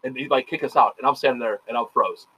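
A man hosting a casual podcast chat, telling stories quickly and profanely, with lots of quoted back-and-forth. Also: medium pitch, slightly rough, dull audio. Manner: rapid, profane storytelling full of quoted dialogue. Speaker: podcast host.

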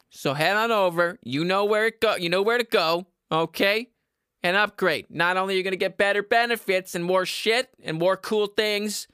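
A man hosting a comedy podcast, ranting in a loud, high-energy, profane and sarcastic way, with self-mockery. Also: clean tone, no room sound, clean studio sound.

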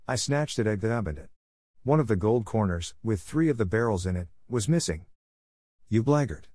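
Low-voiced man narrating a story. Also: lively intonation, a little mellow, dry recording. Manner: measured, dramatic storytelling with emphatic quoted outbursts. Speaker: audiobook narrator. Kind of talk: scripted first-person narration.

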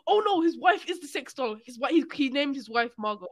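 A young man co-hosting a casual podcast, excitable and profane as he reads out odd news stories. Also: very high voice, a little fast. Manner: excitable, swearing, laughs while reading news. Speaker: podcast co-host.

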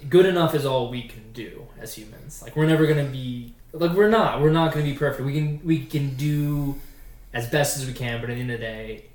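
Casual podcast co-host, mid pitch, halting and playful, echoey room sound. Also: darkish tone, distant mic. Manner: hesitant, restarts often, playful mimicry. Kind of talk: casual chat.

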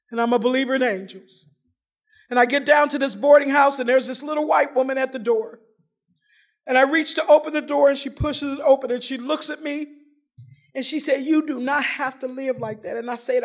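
A woman telling her personal recovery story to an audience, in an animated and humorous storytelling manner with dramatic pauses. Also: high voice. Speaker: recovery meeting speaker.

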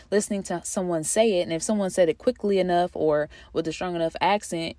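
A woman's voice: medium pitch, normal speed, few pauses, warm tone, dry recording. A woman talking through her thoughts in a casual monologue, conversational and reflective, with frequent fillers and restarts. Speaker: podcast host.

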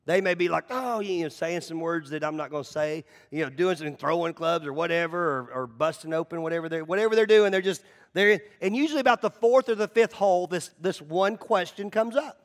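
Animated, high-voiced male pastor preaching. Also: fairly quick. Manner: animated storytelling, repeats words, acts out voices. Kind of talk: conversational sermon.

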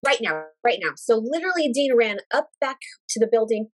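A woman in her thirties telling a personal story in casual conversation, animated and emotional, acting out quoted dialogue and speaking in religious, thankful terms. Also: a little high, fairly quick. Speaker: guest sharing a personal story.

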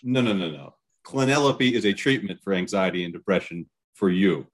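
A man with a low-pitched voice chatting casually on a podcast. He answers with dry, teasing wit in a calm, even way. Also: brisk. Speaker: podcast co-host. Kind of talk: casual chat.

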